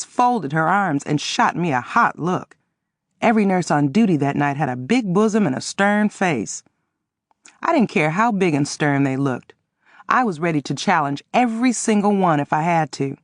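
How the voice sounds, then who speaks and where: A woman narrating a first-person audiobook in an expressive, dramatic reading. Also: lowish voice, normal speed, dry recording, clean studio sound.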